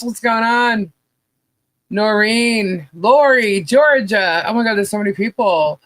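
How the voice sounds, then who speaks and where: A hoarse-voiced woman co-hosts a livestream with easy, chatty warmth and frequent laughter. She talks at an unhurried pace. Her voice is recorded close and dry, with no room echo. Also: mid-range voice. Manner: chatty, laughs often while greeting viewers. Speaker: podcast co-host. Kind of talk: casual livestream chat.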